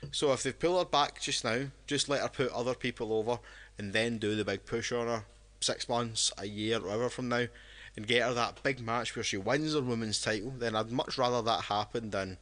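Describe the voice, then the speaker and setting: A man's voice: mid-range voice, a bit bright. Drunk man rambling on a podcast. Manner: rambling, with many restarts. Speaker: podcast co-host. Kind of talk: casual podcast chat.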